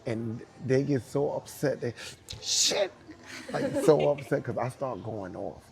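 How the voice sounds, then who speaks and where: Brief: male dancer, warm mellow tone, animated storyteller who acts out the other people in his story. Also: medium pitch, moderate pace, vocal fry. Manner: animated, acts out quoted dialogue. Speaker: dancer and hip hop battle judge. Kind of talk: casual storytelling anecdote.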